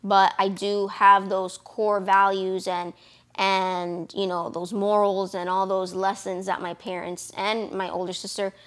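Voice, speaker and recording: A woman's voice: medium pitch, little pitch movement, unhurried, fairly bright tone. Chatty, encouraging young woman vlogger. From Florida, USA. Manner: chatty, encouraging, many fillers. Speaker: lash business owner and vlogger. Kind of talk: casual talk to camera.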